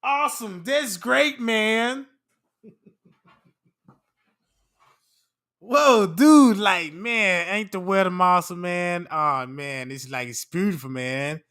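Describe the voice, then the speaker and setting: A man's voice: high-pitched, slow pace, pushed and bright, heavily acted. A man putting on a chipper, prim businessman. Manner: exaggerated cheerful small talk. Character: chipper, overly polite grown man in a suit.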